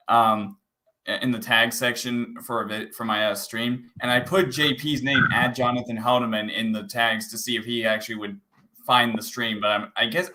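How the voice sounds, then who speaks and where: A man's voice: medium pitch, sharp tone, slight background noise, low-quality recording. A man hosting a livestream panel, talking casually and rambling with many restarts. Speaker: livestream host.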